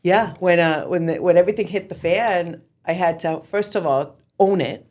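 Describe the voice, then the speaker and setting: A woman's voice: lowish voice, moderate pace, a little mellow. A woman in her forties, the guest of an interview, telling her story candidly and animatedly, swearing freely. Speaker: real estate team founder, guest.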